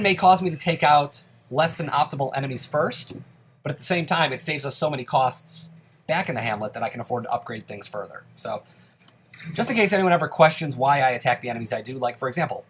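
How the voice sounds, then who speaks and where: A man's voice: on the high side, animated, a little fast, fairly bright tone, a little hiss or hum. A man hosting a let's play, giving casual commentary on his gameplay in an upbeat, chatty way and explaining each choice he makes.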